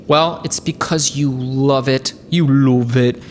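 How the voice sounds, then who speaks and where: A woman with a low voice hosts a casual music-software tutorial. She talks chattily and enthusiastically, padding her sentences with fillers. A faint hiss runs under her voice. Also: steady tone, takes it slowly, hardly any pauses. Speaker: host.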